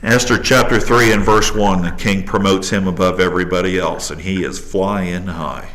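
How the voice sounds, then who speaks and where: Man, pastor preaching, animated, acts out quotes, church. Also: deep voice, moderate pace. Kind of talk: sermon. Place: church sanctuary.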